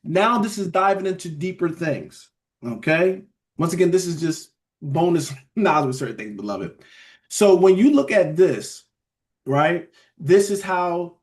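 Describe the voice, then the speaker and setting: A man leads a relaxed Bible lesson online. His voice sits a bit high for a man, and his phrasing is loose and full of restarts. He keeps pausing to check that his listeners are following. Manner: conversational, keeps checking in with listeners with "all right?" and "beloved". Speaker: Bible study teacher. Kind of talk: casual online Bible teaching.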